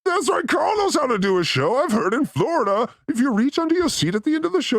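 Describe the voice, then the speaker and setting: High-voiced, gravelly man riffing crudely. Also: sing-song, fast, hardly any pauses, dry recording, clean studio sound. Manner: joking, playful, swings between loud bursts and mutters. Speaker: podcast host.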